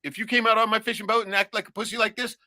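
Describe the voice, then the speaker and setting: A middle-aged man ranting crudely and loudly on a casual livestream, a few beers in. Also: high-pitched, little pitch movement, rapid-fire, dry recording, studio quality. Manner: profane, rowdy, loud ranting. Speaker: livestream host.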